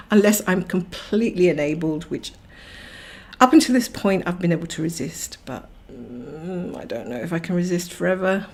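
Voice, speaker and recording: Casting: woman host, low gravelly voice, rambling relaxed livestream chatter. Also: normal speed. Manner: rambling, chatty, laughs often. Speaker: cross-stitch livestream host. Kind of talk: casual chat while stitching, reading viewer comments.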